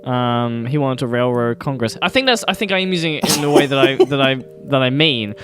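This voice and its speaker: A man's voice: mid-range voice, lively intonation, fairly quick, a bit bright, faint music behind. A man co-hosting a podcast in casual chat, rambling and easily sidetracked, often laughing as he talks. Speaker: podcast co-host.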